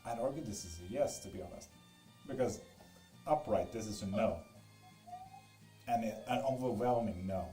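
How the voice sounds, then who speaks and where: A Swedish man reads tarot on a live stream from home, teasing his viewers and swearing freely. His voice is warm and fairly low, with a moderate pace and long pauses, and the recording has a roomy echo with music in the background.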